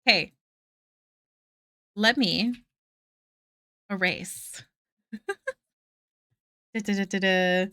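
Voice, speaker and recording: A woman's voice: mid-range voice, extremely slow, pauses often, bright, forceful tone, no echo, clean studio sound. A young woman chatting casually on a live art stream, bubbly and self-deprecating, gushing over fan art. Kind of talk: casual live-stream chat while drawing.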